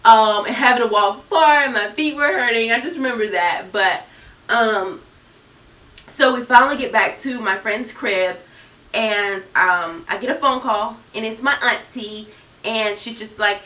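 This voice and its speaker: A YouTuber in her twenties addresses viewers directly, telling a personal story with earnest chattiness for a storytime vlog. She speaks at a moderate pace in a mid-range, pushed and bright voice, recorded from a distance in an echoey room.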